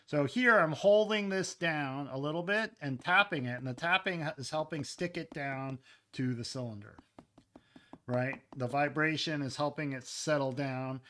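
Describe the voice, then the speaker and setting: A man's voice: a little high, moderate pace, pushed and bright. Man demonstrating pottery in a casual murmur. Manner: casual, talks while working, often murmurs and trails off. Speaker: ceramics artist demonstrating. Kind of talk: live-stream pottery demonstration. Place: pottery studio.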